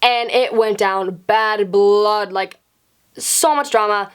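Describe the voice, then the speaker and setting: A young woman telling a casual storytime, animated and rambling, swearing freely and filling with "like". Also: medium pitch, slow pace, smooth. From Sweden. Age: young adult. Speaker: vlogger.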